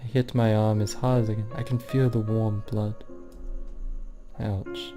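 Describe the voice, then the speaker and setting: A distraught teenage girl from a visual novel, as a man reads her lines aloud. She pleads in a shaky voice, spiralling into despair and self-blame, and her words come slowly. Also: on the low side, little pitch movement, over music, close to an everyday voice. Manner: shaky, pleading first-person reading.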